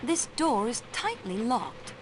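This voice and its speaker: A woman's voice: fairly high pitch, very animated, slow pace, background noise. An actress playing an earnest young female train company investigator, polite and eager. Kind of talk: game voice acting. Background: game music.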